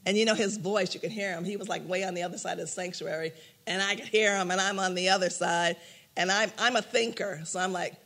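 Older man, high and bright, warm-hearted church teacher, chatty and animated, laughs easily. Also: a little fast, gravelly. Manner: animated storyteller, laughs often, acts out quotes. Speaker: prayer class teacher. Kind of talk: informal teaching with personal stories.

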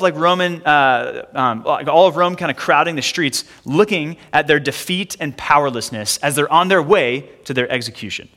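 A man in his thirties preaching a sermon as a pastor, casual and conversational, with frequent fillers and quick asides. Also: a little high, pushed and bright. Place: church sanctuary. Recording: long hall reverb.

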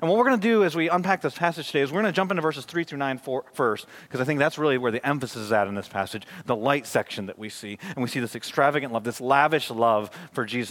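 A man preaching a sermon as pastor, emphatic and swinging widely between loud and soft. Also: mid-range voice. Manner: emphatic, varies volume widely.

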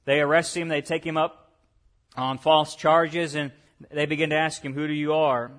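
A man preaching a sermon as pastor, swinging between loud excitement and hushed tones, with chatty asides to the congregation. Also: fairly high pitch, moderate pace. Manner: conversational asides and check-ins with the congregation.

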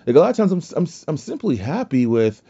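A man's voice: fairly high pitch, very animated, fairly quick, warm tone, slightly rough, dull audio. A man with a Southern US drawl hosting a podcast, talking casually and rambling with self-corrections. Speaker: podcast host. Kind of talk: casual solo podcast talk.

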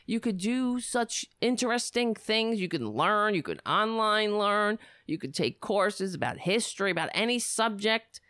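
A woman tears into her targets in a profane, sarcastic political rant. Her pitch leaps and dives all through it. The sound is dry and close, with no room around her. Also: expressive, measured pace, few pauses, a bit bright, no room sound. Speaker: political commentary host.

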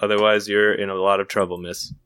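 A man's voice: fairly low pitch, little pitch movement, a little fast, fairly bright tone, smooth, dry recording, clean studio sound, natural voice. A man voicing a haughty, stern wealthy mother in a comedy podcast bit.

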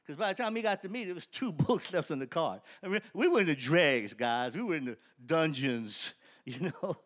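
A man with a high voice that swings up and down, giving his own testimony to a crowd. He tells it as a story, growing animated and laughing between phrases. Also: moderate pace. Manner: animated, grows excited, often laughs mid-sentence. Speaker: speaker giving a personal testimony.

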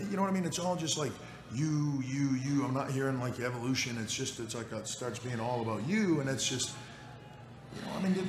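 A man lectures in a rambling, repetitive way during a televised wrestling promo. His voice sits at an ordinary pitch. It rings through a reverberant space with clear background noise underneath. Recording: echoey broadcast clip with background noise.

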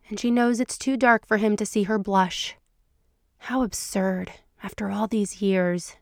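Woman narrator, fan fiction reading, soft, intimate, dry, mid-pitched. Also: no room sound. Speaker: podcast narrator.

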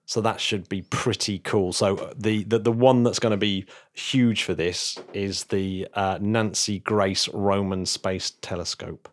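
A male podcast host in loose, casual chat, talking in a slightly low voice. He rambles, restarts his sentences and often breaks into laughter. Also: fairly even intonation, a little slow, hardly any pauses. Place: remote call.

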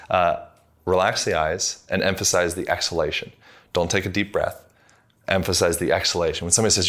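Interview guest: man with a very low voice, easygoing and rambling, heavy on fillers. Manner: relaxed, rambling explanations with many fillers. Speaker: podcast guest, movement coach. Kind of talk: conversational interview.

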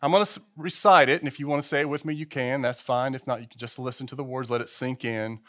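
A man's voice: medium pitch, fast talker, few pauses. Man, 50s, pastor, conversational sermon, restarts, church. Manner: conversational, animated, with repeated restarts.

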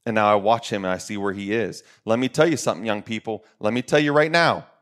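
A man's voice: lowish voice, fast, fairly bright tone. Middle-aged male podcast co-host, ex-coach, preachy and emphatic, repeats himself for weight. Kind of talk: motivational podcast talk.

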